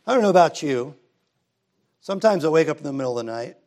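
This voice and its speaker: A man's voice: on the high side, animated, quick pace, a little mellow. A middle-aged man preaching a sermon in a church, easygoing and conversational, rising to emphatic passages. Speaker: pastor. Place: church sanctuary.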